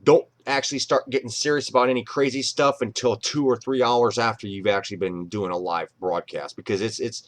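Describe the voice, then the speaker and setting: A man's voice: lowish voice, fairly even intonation, fairly quick, hardly any pauses. Rambling, cussing man on a live stream. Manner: rambling, swears freely, acts out quoted voices. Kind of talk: casual live-stream chat. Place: home.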